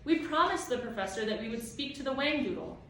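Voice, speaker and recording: A woman's voice: on the high side, big pitch swings, fast talker, a bit bright, slight background noise, pitched above the performer's own voice. A woman reading aloud as a fierce young boy, angry and defiant. Her voice rings in a very echoey room. It is picked up from a distance. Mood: anxious. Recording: echoey room, mic far off.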